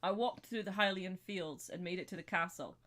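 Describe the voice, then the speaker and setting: A woman's voice: on the low side, brisk, fairly bright tone. A woman reading a story aloud to friends, stopping to giggle between lines. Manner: reads lines then breaks into giggles. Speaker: story reader and co-host.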